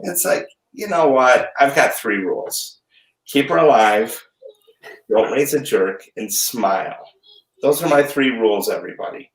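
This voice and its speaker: A man's voice: medium pitch, a little slow, gravelly, roomy sound, poor audio. A middle-aged man and dad chatting casually from his home kitchen, rambling and jokey as he tells stories. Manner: rambling, animated, jokey storyteller. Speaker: chef and dad guest. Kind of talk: casual chat.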